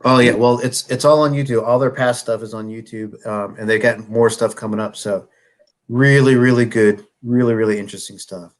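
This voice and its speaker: A male host in a middle-pitched voice, chatting casually. He speaks loosely, with lots of fillers. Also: fairly even intonation, brisk. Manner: easygoing, full of fillers like "like" and "um". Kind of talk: casual chat.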